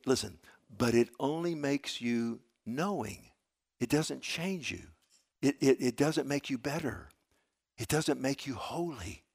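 A man's voice: mid-range voice, creaky, dry recording, clean studio sound. A man preaching a sermon, fervent and emphatic, repeating phrases and calling listeners "loved one". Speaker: pastor. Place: church service.

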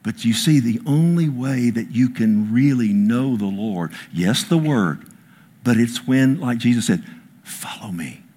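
Male pastor, husky mid-range voice, preaches with big dynamic swings and calls for amens. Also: mid-range voice, animated, unhurried. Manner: dramatic preacher, swings from loud declaring to hushed whispers; quotes scripture and asks the crowd for amens. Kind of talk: sermon with audience interaction.

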